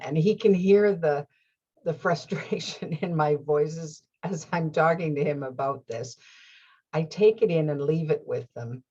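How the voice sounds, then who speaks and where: A woman hosting her own show, telling a personal story in a casual, animated way with frequent laughter. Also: deep voice, husky, lo-fi sound. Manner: animated, laughs often, restarts phrases. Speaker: host.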